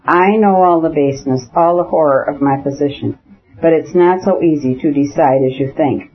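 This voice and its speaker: A man's voice: a little high, moderate pace, lightly acted. A man reading an audiobook, voicing a proud, anguished young noblewoman whose lines swing between irony and pleading. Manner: ironic, then pleading and tender. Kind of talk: audiobook dialogue. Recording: dull lo-fi audiobook recording.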